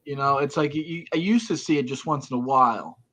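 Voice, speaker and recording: A man's voice: mid-range voice, fast, a bit bright. A man speaking as a guest in a casual chat, rambling and restarting his sentences. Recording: dull lo-fi audio.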